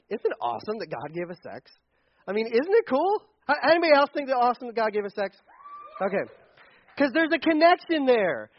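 A man preaching a lively, joking sermon as pastor to a congregation, with frequent restarts. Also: high voice, no room sound, dull audio.

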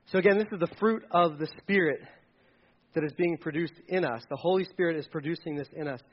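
A man preaching a sermon as pastor, animated, joking with the congregation and repeating key words for emphasis. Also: on the high side, fast talker, dull audio.

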